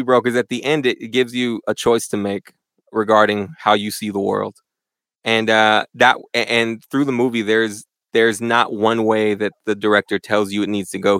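A young man chatting casually as a guest in a church interview, animated and full of slang. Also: on the low side, moderate pace, smooth, dry recording. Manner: animated, slangy, says "bro" a lot. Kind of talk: casual chat.

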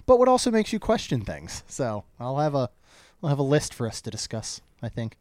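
A man's voice: medium pitch, wildly swooping pitch, brisk, a little mellow, dry recording. A man co-hosting a casual podcast, trading dry, joking banter. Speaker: podcast co-host. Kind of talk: casual chat.

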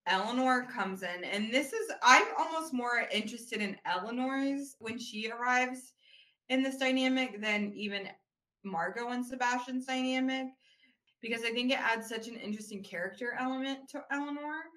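Female podcast co-host, casual recap chat, bright voice, echoey room. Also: fairly high pitch, moderate pace. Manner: chatty, many "like" fillers.

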